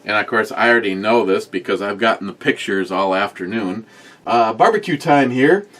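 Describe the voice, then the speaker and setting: A man's voice: fairly low pitch, animated, normal speed, fairly bright tone. A man co-hosting a casual talk show, chatting and joking with a friend. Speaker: co-host. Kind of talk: casual chat.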